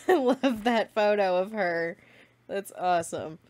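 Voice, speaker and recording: A woman's voice: medium pitch, lively intonation, slow, darkish tone. A young woman hosting a casual fan vlog, chatting and reading out memes with frequent giggles. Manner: giggly, chatty, laughs often. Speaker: fan channel host.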